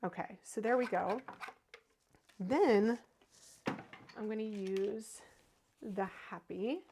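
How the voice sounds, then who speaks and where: A woman's voice: medium pitch, takes it slowly, warm tone, slight background noise. A woman in her thirties hosting a card-making livestream, chatting casually and answering viewer comments as she works. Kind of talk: casual crafting demo with viewer chat.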